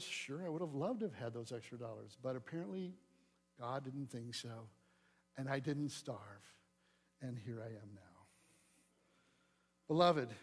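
A middle-aged man preaching a sermon as pastor, swinging between loud emphatic lines and soft quiet asides. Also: medium pitch.

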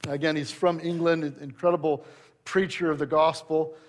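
A man's voice: on the high side, little pitch movement, moderate pace. Man preaching a conversational sermon. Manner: storytelling, conversational with anecdotes, rising to emphatic preaching. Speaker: pastor.

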